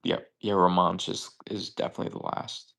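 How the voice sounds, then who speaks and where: A man's voice: low voice, little pitch movement, brisk, gravelly, fairly bright tone. A young man hosting a live trivia stream, thinking aloud in casual chat and often stammering and correcting himself.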